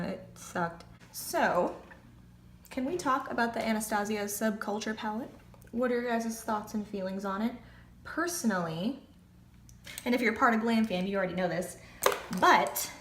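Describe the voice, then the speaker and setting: A young woman in casual chat, rambling on with plenty of "like" and "whatever" as she tells her story. Her voice sits at an ordinary middle pitch. The echoey room has a faint hiss underneath. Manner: chatty, rambling storytelling with many fillers. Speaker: beauty vlogger.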